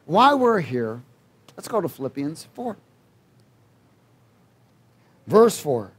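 Male preacher, high pitch, call-and-response sermon, loud exhortation and soft asides. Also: big pitch swings, unhurried, slightly rough. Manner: swings between loud exhortation and quiet asides.

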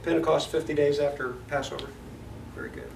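A man's voice: on the high side, wildly swooping pitch, brisk, creaky, background noise. A man from Florida teaching a Bible study lesson in a conversational way, often asking the class questions. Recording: echoey room, mic far off.

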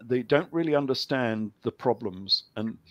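A man's voice: medium pitch, expressive, normal speed, no echo. A man talking on a call-in show, rambling with lots of ums and a dry humor. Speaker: guest author. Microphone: video call.

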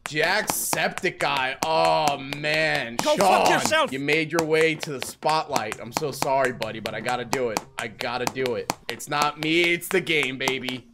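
A young man doing playful let's play commentary, joking loudly, dropping to whispers and jumping to yelps. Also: fairly high pitch, animated, normal speed, few pauses. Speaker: gaming YouTuber. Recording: noisy background, mouse clicks.

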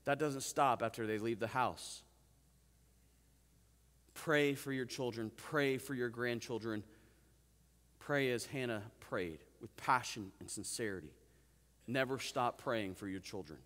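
Male pastor delivering a sermon, mid-pitched voice, long hall echo, earnest with wry asides. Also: unhurried, long pauses, a bit bright. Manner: calls out "Amen?" and asks the congregation questions; earnest, with self-amused asides. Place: church sanctuary.

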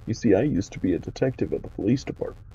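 A man's voice: lowish voice, expressive, rapid-fire, mellow, husky, distant mic, lo-fi sound. A man voicing a confident, matter-of-fact retired detective in a game, offering to help with a case. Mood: keen.

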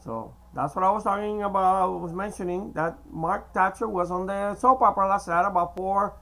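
A man whose first language is Spanish, talking in a hesitant, meandering monologue to camera with many filler pauses. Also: high voice, fairly even intonation, pushed and bright, rough recording. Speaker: video blogger. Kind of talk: casual rambling monologue to camera.

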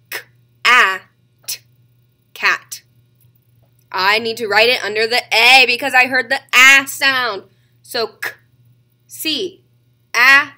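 A woman teaching a kindergarten reading lesson, sounding out letters slowly and clearly. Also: a little high, pushed and bright.

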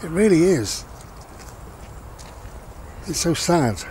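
Taking it slowly, a man gives life advice while walking his dog outside, his slightly high, darkish voice very animated. He rambles reflectively and keeps repeating what matters most; a little hiss or hum is audible.

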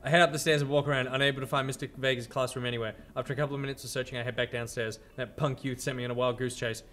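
A man's voice: mid-range voice, level tone, very fast, a bit bright, soft background music. Playful man reading a game aloud. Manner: playful, jokey, laughs easily. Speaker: let's play host.

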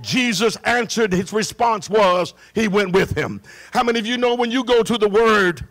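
A man pastor preaching a sermon in church, building from talk to shouted, singsong passages. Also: high voice, moderate pace. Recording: live church recording.

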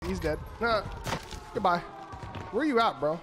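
A man streaming a shooter game, talking casually with lots of slang, teasing opponents and reacting loudly to the fights. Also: high-pitched, unhurried, over music. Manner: excited, trash-talking, loose slang-filled chatter. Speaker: gaming streamer. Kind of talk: live gameplay commentary. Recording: gameplay audio with gunfire over the voice.

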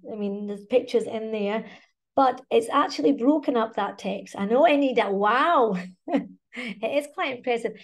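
A woman with a Scottish accent and a slightly high, slightly mellow voice presents a teacher webinar. She keeps it chatty, often checking in with "okay?" and "right?".

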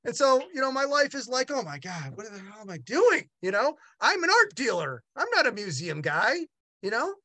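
A middle-aged man tells a personal story in a voice that leaps up and down. His speech is halting and full of restarts. The recording is dry and close. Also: extremely high pitch, no room sound. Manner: animated, acts out other voices in quotes. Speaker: gallery owner and art dealer.

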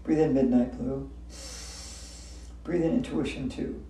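A woman's voice: extremely low pitch, steady tone, unhurried, warm tone, slight background noise. Female yoga instructor, cheerful laughter-yoga delivery, heard from far off in an echoey hotel room. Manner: upbeat, chanting repeated breathing cues with bursts of laughter. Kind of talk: guided yoga class with laughter yoga.

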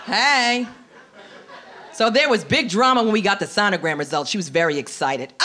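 A woman's voice: a little high, very animated, normal speed, bright, forceful tone. Brassy woman doing stand-up. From New York City. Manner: brassy, drops into put-on voices for her characters. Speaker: stand-up comedian. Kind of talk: stand-up comedy set. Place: comedy club stage with a laughing audience.

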